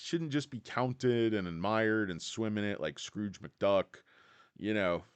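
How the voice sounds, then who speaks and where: A man's voice: deep voice, animated, measured pace, clean tone, no echo. A man hosting a casual stock livestream, sarcastic, crude and rambling, a bit out of breath. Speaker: stock market livestream host.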